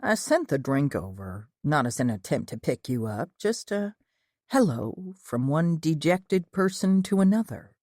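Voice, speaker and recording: A woman voicing a friendly, persistent Southern man in an audiobook, speaking in a soft, coaxing, apologetic way. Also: low-pitched, very animated, a little slow, no room sound, clean studio sound, heavily acted. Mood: gentle. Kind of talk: audiobook character voice.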